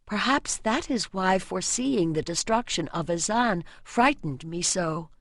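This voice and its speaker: Earnest young priestess woman, prayerful and slow, dry recording, read by the narrator. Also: medium pitch, lively intonation, fairly bright tone, no echo.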